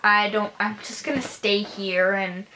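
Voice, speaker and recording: A woman doing a deadpan, detached male officer. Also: mid-range voice, a little slow, slight background noise, pitched below the performer's own voice, rough recording. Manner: flat, deadpan.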